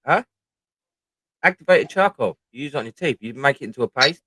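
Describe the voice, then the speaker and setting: A man's voice: mid-range voice, expressive, a little fast, a bit bright, slightly rough, no echo. A middle-aged man with a British accent, chatting casually on a livestream, rambling and swearing freely. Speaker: livestream host.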